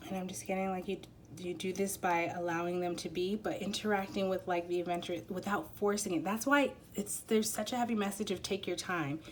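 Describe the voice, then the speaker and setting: A woman's voice: fairly low pitch, fairly even intonation, a little fast, a little hiss or hum. Rambling woman giving a card reading. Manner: rambling, hesitant, full of fillers. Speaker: tarot and oracle card reader. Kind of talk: casual spiritual reading.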